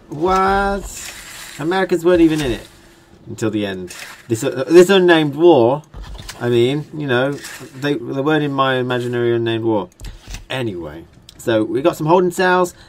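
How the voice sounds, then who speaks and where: A man's voice: mid-range voice, a little hiss or hum. Rambling British man narrating his gameplay. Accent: British English. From Britain. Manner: rambling, jokey, thinks aloud while building. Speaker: gaming channel host. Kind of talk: casual let's-play commentary.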